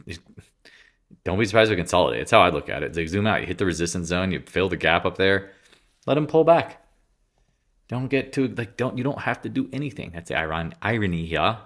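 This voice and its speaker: Congested, low-voiced man rambling about markets. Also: fairly bright tone. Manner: rambling, self-interrupting, blunt and offhand. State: congested, clearing throat. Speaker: market commentator. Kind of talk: casual market commentary.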